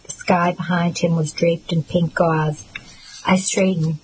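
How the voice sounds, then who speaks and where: A woman reading a first-person novel aloud as an audiobook narrator, in a measured, steady way. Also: on the low side, slight background noise, rough recording.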